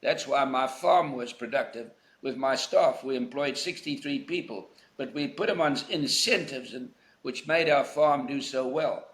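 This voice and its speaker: A man's voice: medium pitch, unhurried, few pauses, a bit bright, reverberant. An older man from South Africa, a golf legend being interviewed, telling anecdotes in a reflective, emphatic way. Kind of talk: conversational interview.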